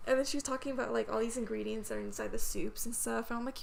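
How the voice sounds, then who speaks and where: A young woman hosting a podcast, telling work stories in a casual, animated way, acting out customers and swearing freely. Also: a little high, racing, creaky, very noisy. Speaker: podcast host. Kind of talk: casual chat.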